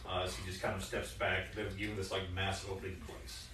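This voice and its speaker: A man's voice: sits low, completely flat delivery, quick pace, pushed and bright, slight background noise. A man narrating a tabletop game as game master, casual and rambling with many fillers. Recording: roomy echo from a distant mic.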